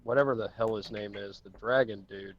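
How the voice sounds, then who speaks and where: A man's voice: on the low side, fairly even intonation, fairly quick, lo-fi sound. A man playing a tabletop game in casual chat, laid-back and plotting aloud. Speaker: player.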